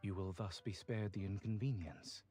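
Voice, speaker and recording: A man's voice: fairly low pitch, dark tone, soft background music, close to an everyday voice. An actor with a British accent playing a stiff, formal, wealthy young nobleman in a story game. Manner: formal, measured and aloof.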